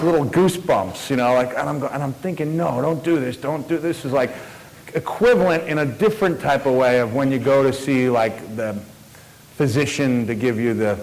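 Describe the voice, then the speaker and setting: A man telling a rambling, self-mocking story to a live audience, with animated asides. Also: fairly low pitch. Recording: hall reverb with faint hiss.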